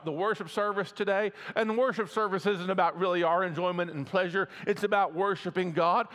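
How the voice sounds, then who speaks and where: In a church sanctuary, a middle-aged pastor preaches a folksy sermon, often checking in with his congregation. His voice is high and a bit bright, carried by the long reverb of the hall.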